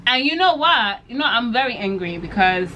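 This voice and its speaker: Young woman vlogging from her bed, animated storyteller, jumps way up in pitch acting out quotes, faint background noise. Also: normal speed, dull audio. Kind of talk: casual storytelling chat. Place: bedroom.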